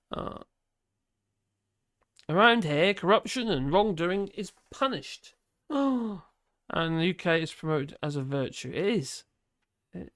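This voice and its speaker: A man's voice: sits high, pushed and bright. A man hosting a live stream, reading news and viewer comments aloud in a wry, chatty way and laughing often. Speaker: livestream host reading news and chat. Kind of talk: casual live-stream chat.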